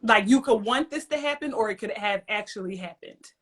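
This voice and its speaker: A woman podcast host in a casual chat, telling stories in an animated way and acting out quoted voices. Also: mid-range voice, a little fast.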